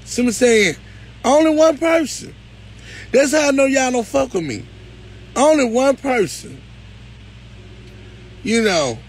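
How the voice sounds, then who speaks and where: A man hosting a live stream, talking casually, pleading one moment and loudly complaining the next. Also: very high voice, measured pace, long pauses, breathy edge. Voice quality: animated, swings from pleading to loud complaint. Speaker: live show host.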